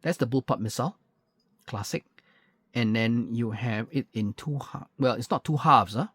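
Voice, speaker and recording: A man's voice: medium pitch, moderate pace, a bit bright, slightly rough, dry recording, clean studio sound. A man walking through a model kit's parts in a chatty, pedantic way, full of fillers and self-corrections. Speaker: scale model reviewer. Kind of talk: unboxing walkthrough, casual commentary.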